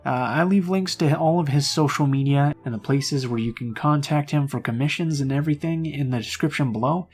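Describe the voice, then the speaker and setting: A man who hosts a horror story channel, reading a story and then chatting with viewers in a relaxed way, often saying "uh". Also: on the high side, fairly quick, few pauses, slightly rough, soft background music. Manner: relaxed, chatty, with frequent filler "uh". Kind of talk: story reading and casual outro.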